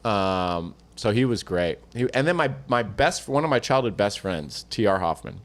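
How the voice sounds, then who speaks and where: A man's voice: lowish voice, expressive, normal speed. A man co-hosting a podcast, rambling and swearing casually while he tells stories and acts out quotes in other voices. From Northern California. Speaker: podcast co-host. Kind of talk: casual chat, storytelling.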